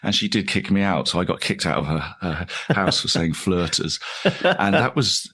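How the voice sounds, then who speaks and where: A man's voice: low voice, animated, moderate pace, sharp tone, husky. A man in his forties, a comedian talking casually in an interview, rambling and self-deprecating with frequent restarts and laughs. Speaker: comedian guest.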